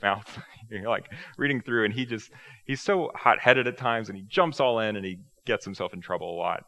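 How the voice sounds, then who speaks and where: A man preaching a sermon in a conversational, animated way, acting out quoted dialogue as he retells the story. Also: low voice, low-quality recording. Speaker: pastor.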